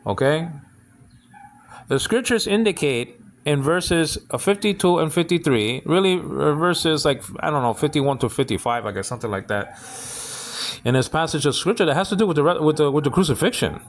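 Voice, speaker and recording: Male teacher leading a relaxed Bible Greek lesson; stop-start delivery with many restarts. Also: on the high side, a little hiss or hum. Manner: halting, full of restarts and repeated words; keeps asking "you understand what I'm saying?".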